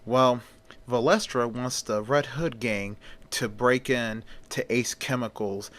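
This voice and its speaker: A man's voice: mid-range voice, takes it slowly, a bit bright. A man voicing a pushy male gang member who presses his partner to take a job. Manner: persuasive, pressing.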